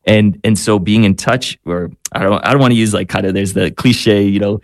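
Halting, reflective priest, low-voiced man. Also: fairly even intonation, no echo, clean studio sound. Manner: halting, searching for words with many restarts. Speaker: priest and spiritual director guest. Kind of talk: radio talk show conversation.

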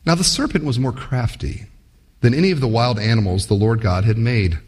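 A man preaching a sermon in an animated, folksy, playful way. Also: medium pitch, brisk. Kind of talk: sermon with storytelling. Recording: long hall reverb.

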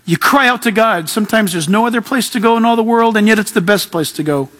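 A pastor delivering a lively sermon in a notably high voice. He preaches with animation and slips into acted voices to make his points. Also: quick pace.

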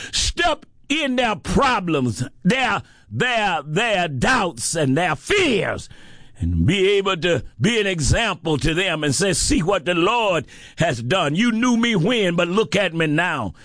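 A man preaches a sermon in a high, swooping voice that climbs into shouts and drops low again. He takes his time, drawing out lines and repeating them for weight. The sound is dry and close. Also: no echo. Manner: impassioned, rising to shouts, repeating phrases.

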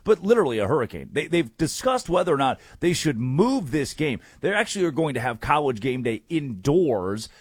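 A man hosting a sports talk show, energetic and opinionated in casual chat. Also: a little high, fairly quick, hardly any pauses, slightly rough, no echo. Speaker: sports radio host.

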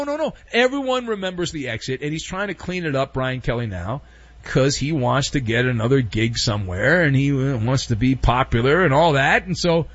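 Animated sarcastic male sports talk host. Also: fairly high pitch, dry recording, highs cut off. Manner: sarcastic, animated, mock voices for anecdotes. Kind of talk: opinionated sports commentary.

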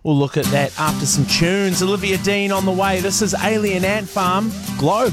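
A New man hosts a breakfast radio show in a slightly high, lively voice. He chats playfully and pokes fun at himself. Faint music plays under him in the studio. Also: normal speed. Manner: chatty, playful, self-mocking. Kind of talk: casual radio chat.

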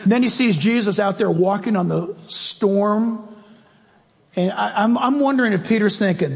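A man's voice: sits high, normal speed, gravelly, big-room sound. A male preacher giving an emphatic, conversational sermon and asking the congregation direct questions.

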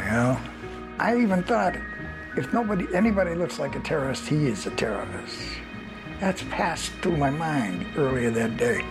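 An older man with a gravelly, fried edge to his voice tells a story from his own past. He talks haltingly and slips into the voices of the people he met. Soft music plays under him. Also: mid-range voice, very animated, poor audio. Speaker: interviewee, former airline agent. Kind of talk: personal recollection.

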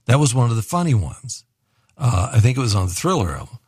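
A man's voice: medium pitch, big pitch swings, quick pace, a little mellow, husky, no echo, studio quality. A man hosting a call-in radio show, reading listener messages and encouraging callers in a reflective way. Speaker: radio host. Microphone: studio microphone.

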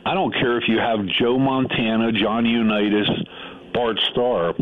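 A man's voice: mid-range voice, fairly even intonation, measured pace. A man calling in to a sports radio show, talking in an exasperated way with stammering restarts. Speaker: radio caller. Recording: phone line.

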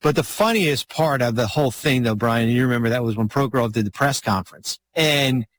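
A man's voice: mid-range voice, brisk, fairly bright tone, slight background noise. A middle-aged man telling a long story in a casual podcast chat, rambling with many restarts and fillers. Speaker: guest storyteller, former basketball executive.

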